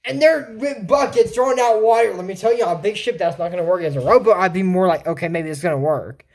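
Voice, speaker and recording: A woman's voice: medium pitch, fast talker, darkish tone. A woman giving a casual reaction commentary on a cartoon episode, rambling and sarcastic, with mocking asides.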